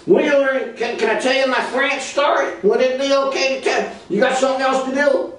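A man voicing George, a cocky, loudmouthed redneck puppet boxer with a high-pitched, brash drawl. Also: fairly even intonation, normal speed. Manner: boastful and insulting. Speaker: ventriloquist's puppet. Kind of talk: ventriloquist comedy act. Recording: echoey hall from far off.

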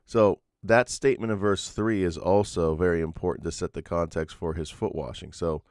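Low-voiced preacher in a dry room. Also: male voice, steady tone, moderate pace, a little mellow, no room sound. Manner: earnest, explanatory, with frequent fillers and restarts. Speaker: pastor. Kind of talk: sermon.

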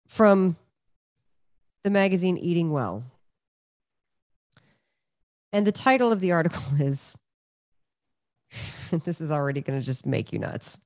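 A woman's voice: low voice, animated, unhurried, pauses often, darkish tone, dry recording, studio quality. A woman co-hosting a podcast in casual chat, teasing and laughing as she talks. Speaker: podcast co-host.

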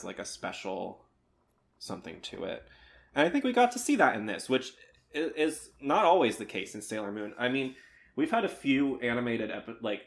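A man co-hosting a podcast in casual chat, rambling and sometimes losing his train of thought. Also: lowish voice. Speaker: podcast co-host.

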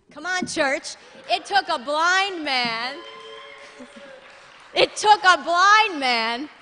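A middle-aged woman pastor preaching a sermon in an animated way, often laughing and building to loud emphatic peaks. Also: fairly high pitch. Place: church sanctuary. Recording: long church-hall reverb.

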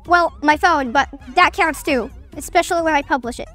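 Young woman gaming streamer, high bright voice, chatty and excitable, with faint game music behind her. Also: brisk, few pauses. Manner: chatty, excitable, self-mocking. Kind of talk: casual gameplay commentary.

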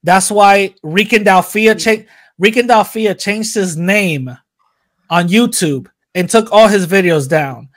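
Animated, profane man telling a story. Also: sits high, slow pace. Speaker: podcast co-host. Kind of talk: casual podcast chat.

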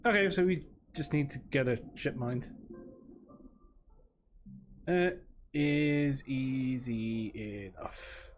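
A man's voice: medium pitch, slow pace, long pauses. A man casually commentating as he plays a game live, thinking aloud. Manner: musing, thinking aloud with fillers. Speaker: streamer playing a game. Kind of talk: casual let's-play commentary.

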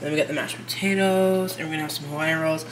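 A young woman in her twenties chats easily to her followers in a fairly low, relaxed voice. The sound bounces around a hard-walled room, with a steady bed of household noise behind her. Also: fast. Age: 20s. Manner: relaxed, chatty, addresses viewers as "y'all". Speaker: vlogger. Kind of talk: casual vlog chat. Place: home kitchen and living room. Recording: echoey room with background noise.

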